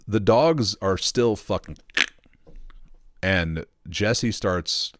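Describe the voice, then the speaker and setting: A man's voice: on the low side, extremely slow, long pauses, a bit bright, no room sound. A man ranting and telling a story at home in a casual, profane, rambling way. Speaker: streamer.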